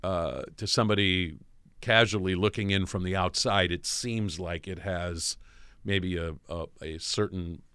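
A man with a low voice conducts an interview. He asks long, thoughtful questions at a measured pace. The sound is dry, with no room echo. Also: fairly even intonation, a bit bright, smooth.

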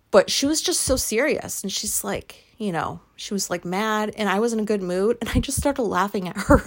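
With a medium-pitched voice, a woman podcaster tells a personal story candidly and chattily, swearing freely and often bursting into laughter.

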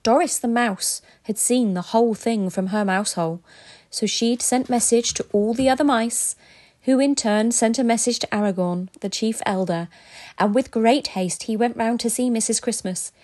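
Woman storyteller, children's tale narration, gentle and expressive. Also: a little high, moderate pace.

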